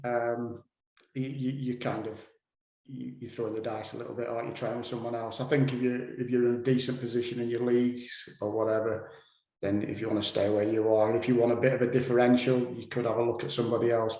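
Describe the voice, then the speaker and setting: A man's voice: medium pitch, flat delivery, a little fast, darkish tone. A man chatting on a football podcast, easygoing and a little hesitant. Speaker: Liverpool fan guest. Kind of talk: casual podcast chat. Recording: echoey room.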